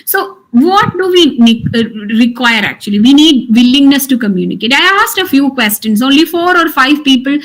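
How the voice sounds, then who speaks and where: A woman's voice: high voice, animated, moderate pace, few pauses, a bit bright, poor audio. A middle-aged woman with an Indian English accent, giving an earnest, encouraging online English lecture. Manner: earnest, encouraging teacher, repeats points for emphasis.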